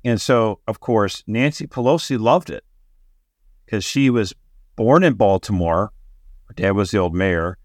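A man co-hosting a podcast, chatty and quick with a joke, often stumbling over repeated words. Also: fairly low pitch, dry recording, studio quality. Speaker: podcast co-host. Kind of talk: casual podcast chat.

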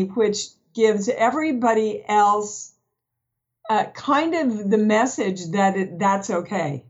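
Woman, guest actress, candid podcast chat, frank storyteller, acts out quotes, mid pitch, dull lo-fi audio. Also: slow.

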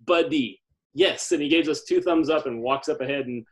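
A man guesting on a podcast, chatting casually and getting excitable and giggly as he tells a story. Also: fairly high pitch, quick pace, rough recording. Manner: excitable, laughs while telling stories. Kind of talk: casual chat.

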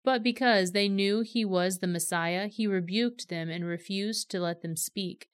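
A woman reads scripture aloud in a steady, measured way. Her voice is smooth and resonant, and the recording is dry and close with no room echo. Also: mid-range voice. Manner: steady, measured storytelling delivery. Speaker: scripture reader.

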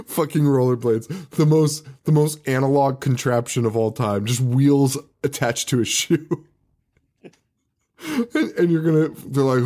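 A man's voice: medium pitch, takes it slowly, a little mellow. A man co-hosting a podcast, recapping a movie in casual chat, laughing often, swearing and restarting his sentences. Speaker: podcast co-host.

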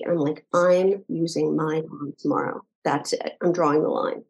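A middle-aged woman speaks as an interview guest, her voice sitting on the low side for a woman. She retells events earnestly and in detail, often restarting her sentences as she goes. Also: steady tone, moderate pace, hardly any pauses, darkish tone, low-quality recording. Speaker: podcast guest. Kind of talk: personal storytelling interview.

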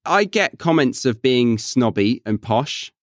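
A young man with a neutral Southern British accent, hosting a podcast and chatting in a relaxed, thoughtful way with some self-corrections. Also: medium pitch, slow pace, dry recording, studio quality. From England. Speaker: podcast host. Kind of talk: casual chat.

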